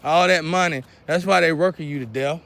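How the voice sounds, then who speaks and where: A man, lecturing and scolding his viewers in a preachy monologue, often clearing his throat. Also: fairly high pitch, fairly quick, a bit bright. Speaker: vlogger.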